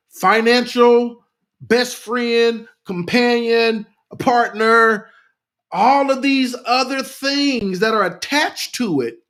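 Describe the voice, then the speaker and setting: A man with an unusually high voice leads an impassioned live talk. He repeats key phrases for emphasis, calls his listeners "y'all" and reads their comments aloud. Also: a bit bright. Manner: repetitive, rousing, addresses listeners as "y'all". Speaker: grief speaker hosting a live talk.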